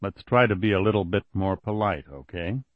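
Man doing a cold, quiet male interrogator. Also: fairly low pitch, dry recording, natural voice. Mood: coldly patient. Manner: quiet, measured, menacing. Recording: dull lo-fi audiobook recording.

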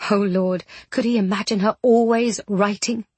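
A woman narrating a novel in an expressive, dramatic audiobook reading. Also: medium pitch, moderate pace, husky, no room sound.

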